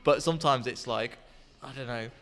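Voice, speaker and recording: A young man with an English accent hosting a podcast in casual chat, chatty and quick to laugh. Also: medium pitch, a bit bright. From England. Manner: chatty, laughs easily, many restarts. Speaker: podcast host.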